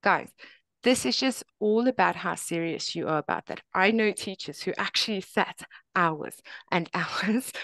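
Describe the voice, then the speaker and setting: A woman's voice: fairly low pitch, no echo. A woman presenting a workshop on teaching English, chatty, often saying "okay" between points.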